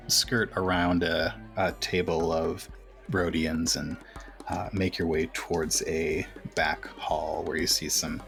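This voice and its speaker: A man with a very low voice runs a tabletop game as game master. He narrates scenes in a loose, conversational way, and his voice has a gravelly fry. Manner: relaxed, conversational.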